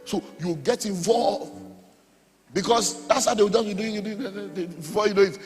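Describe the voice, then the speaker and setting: A middle-aged Nigerian man preaching a sermon as pastor, animated, with sudden shouts and sung phrases. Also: sits high, normal speed. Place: church hall. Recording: long hall reverb, faint music.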